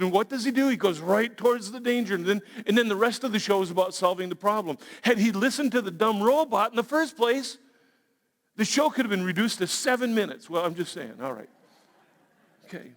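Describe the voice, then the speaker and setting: A man preaching a sermon as a pastor, animated, acting out quoted voices and asides. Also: high voice, normal speed. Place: large church auditorium. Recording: long reverb of a large church hall.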